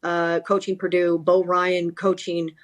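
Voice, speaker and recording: Animated woman telling work stories. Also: on the low side, a little slow. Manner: animated, self-correcting, lots of repeated starts. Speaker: sideline reporter and talent coach. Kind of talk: podcast interview storytelling.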